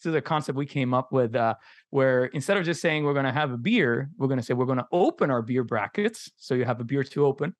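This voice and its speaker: A man's voice: medium pitch, animated, fast, no room sound, studio quality. A male host in a casual interview, explaining things in an easygoing way.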